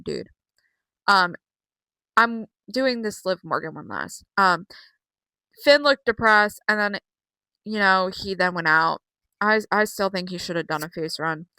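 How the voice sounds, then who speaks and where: A young woman recapping wrestling shows in a casual, chatty vlog, swearing often and filling pauses with ums. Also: mid-range voice, pushed and bright, no echo. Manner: chatty and profane, with frequent fillers. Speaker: wrestling vlogger.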